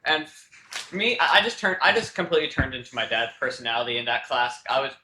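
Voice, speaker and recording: Teen boy podcast co-host, rambly, lots of fillers, bright tone, roomy echo. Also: medium pitch, big pitch swings, fast. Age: teens. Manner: rambling, many fillers and restarts, laughs often. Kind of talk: casual chat. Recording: echoey room with faint noise.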